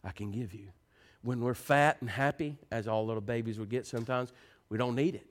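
A man preaching a sermon. He moves between quiet, earnest pleading and animated storytelling. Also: fairly quick. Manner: animated, rising to high excited pitch when telling stories.

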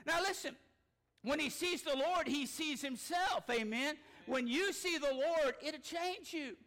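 A man preaching a sermon, folksy and impassioned, rising to shouts. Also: extremely high pitch, measured pace. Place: church sanctuary.

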